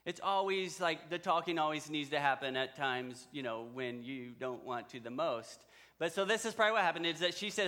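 A man's voice: fairly high pitch, normal speed, pushed and bright. A man preaching a sermon, retelling a story in a conversational way and speaking directly to the men in his audience. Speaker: pastor.

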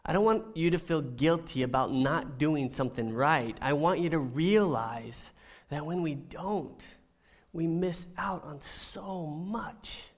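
This middle-aged man delivers a pastor's sermon with lively storytelling, his volume rising and falling from quiet to loud. He talks slowly in a fairly high voice.

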